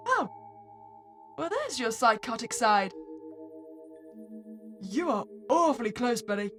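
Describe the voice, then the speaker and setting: A woman's voice: on the high side, very animated, takes it slowly, pauses often, fairly bright tone, soft background music. A woman playing through a horror visual novel, reading the player's lines aloud and adding wry, sarcastic asides. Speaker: game streamer.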